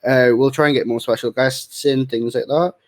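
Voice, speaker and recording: A young man hosting a casual call, narrating a silly story in a goofy way with sudden bursts of yelling. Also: mid-range voice, fairly even intonation, moderate pace. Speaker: host.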